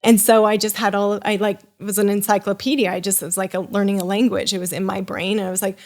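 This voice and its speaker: A young woman telling a personal story on a podcast as a guest, animated and rambling, with many restarts, acting out the people she quotes. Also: medium pitch, quick pace. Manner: acts out quoted voices in her story. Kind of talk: casual storytelling.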